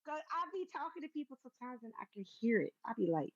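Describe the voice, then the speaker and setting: A woman, hosting a casual chat podcast, animated and sassy, laughing often. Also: high-pitched, fast talker, no room sound, dull audio. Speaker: podcast host.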